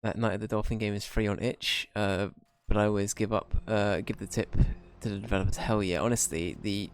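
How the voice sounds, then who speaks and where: A man's voice: on the low side, steady tone, fairly quick, clean tone, no room sound. A man streaming a video game, thinking aloud in a casual manner and swearing now and then. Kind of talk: live gameplay commentary.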